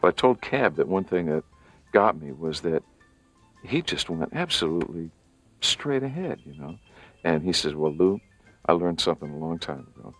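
A measured man with a very deep voice thoughtfully relays advice he once got. The interview tone is calm and reflective. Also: faint music behind. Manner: measured, quoting others.

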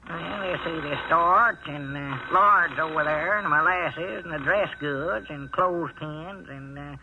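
On a muffled 1930s radio comedy recording with background noise, a male actor with a fairly high voice plays an excitable, dim-witted country storekeeper who is also a deputy. He drawls, gets riled easily, and sounds grumbling and flustered.

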